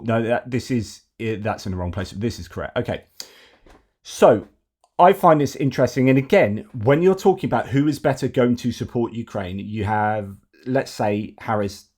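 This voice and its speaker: A man's voice: medium pitch, darkish tone. A man hosting a news commentary channel, talking casually and rambling with fillers and restarts.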